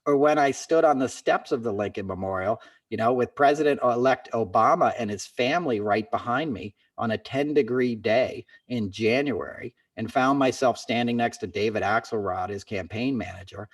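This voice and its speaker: A man's voice: mid-range voice, normal speed, few pauses, recorded from a distance. Earnest man, a bit off-mic. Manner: earnest, impassioned pep talk, calls listener "man" and "brother". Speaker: podcast host. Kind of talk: casual chat.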